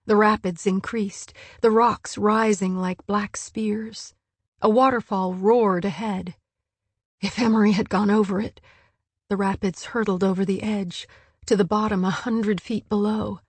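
A woman narrating an audiobook in a hushed, measured storytelling voice. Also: mid-range voice, fairly even intonation, husky, no room sound. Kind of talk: scripted narration.

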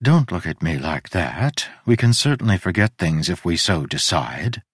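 A man voicing an ageless goddess, measured and faintly wry, in an audiobook reading. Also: deep voice, big pitch swings, husky, no echo, studio quality, full character voice. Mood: calm, frank. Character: ageless woman goddess, cool and frank.

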